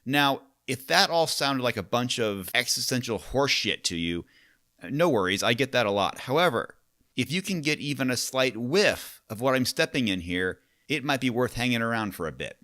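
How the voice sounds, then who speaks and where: A man's voice: mid-range voice, expressive, normal speed, bright, forceful tone, no echo, studio quality. A man hosting a solo podcast as a coach, talking in a casual, wry, conversational way.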